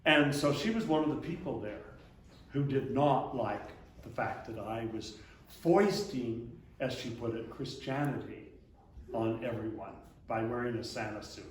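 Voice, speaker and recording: An older man, an abbot, telling a lively story to a congregation, now and then throwing in a big booming laugh. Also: unhurried. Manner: animated storyteller, booming put-on Santa laughs. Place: church hall. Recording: echoey hall, speaker far from mic, faint hiss.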